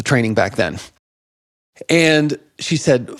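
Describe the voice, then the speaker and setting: A man in his fifties, a guest in an interview, telling animated stories about meditation and laughing often. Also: mid-range voice, moderate pace, pauses often, dry recording, studio quality. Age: 50s. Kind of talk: conversational interview.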